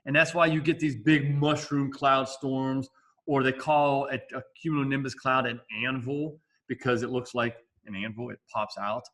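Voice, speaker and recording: Bright-voiced male science teacher. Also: mid-range voice, steady tone, normal speed. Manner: casual, jokey, with fillers and asides. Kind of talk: classroom lecture.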